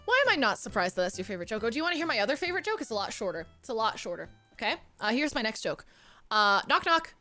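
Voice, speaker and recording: A woman's voice: on the high side, sing-song, rapid-fire, bright, forceful tone, faint music behind. Woman streamer, chatty and playful, casual joke-telling, swears when riled. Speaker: livestreamer. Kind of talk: casual joke storytelling to chat.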